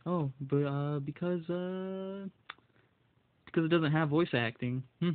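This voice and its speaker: A man rants angrily and alone about video game prices, swearing constantly, stumbling over his words, his voice shaking with rage. His voice is mid-range, and the sound is phone quality with a slight hiss or hum.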